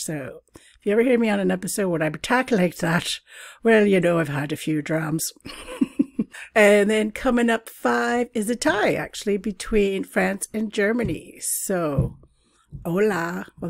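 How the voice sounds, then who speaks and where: Gravelly-voiced woman chatting casually. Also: medium pitch, no room sound, studio quality. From Canada. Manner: chatty, laughs often, fillers and asides. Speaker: podcast host. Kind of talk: casual solo podcast chat.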